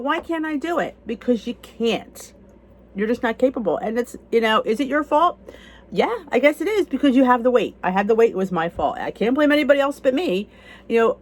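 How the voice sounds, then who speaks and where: An American woman in her fifties speaks candidly to the camera in a casual weight-loss vlog. She sounds conversational, and her pitch rises whenever she stresses a point.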